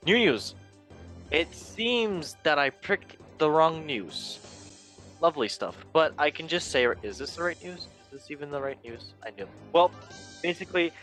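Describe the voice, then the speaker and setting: A man's voice: mid-range voice, bright, forceful tone. A man hosting a football news show in a casual, rambling, joking way with self-mocking asides. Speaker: show host.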